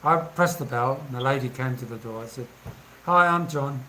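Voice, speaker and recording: A man's voice: mid-range voice, brisk, pushed and bright, slight background noise, rough recording. A man, casually telling anecdotes and laughing as he goes. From England. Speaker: vlogger. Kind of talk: casual storytelling.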